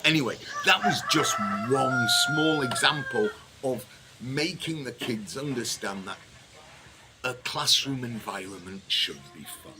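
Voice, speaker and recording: Former teacher reminiscing over noise. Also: male voice, medium pitch, a little slow. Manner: relaxed, anecdotal. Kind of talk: reminiscing monologue. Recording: noisy background.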